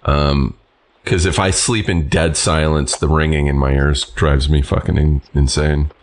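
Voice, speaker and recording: Very deep-voiced man chatting casually. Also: flat delivery, a little slow. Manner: laid-back, swears casually. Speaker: podcast co-host. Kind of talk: casual chat.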